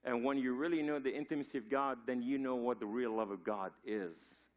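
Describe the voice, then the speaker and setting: A man's voice: mid-range voice, a little fast. Lebanese-born man preaching a sermon. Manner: loose storytelling sermon with frequent restarts and "you know". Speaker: guest preacher. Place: church sanctuary.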